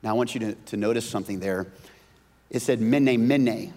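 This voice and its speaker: A male pastor preaching a sermon, moving between hushed whispers and loud, emphatic bursts, often repeating words. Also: on the low side, normal speed. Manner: repeats words and restarts phrases. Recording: long reverb of a large hall.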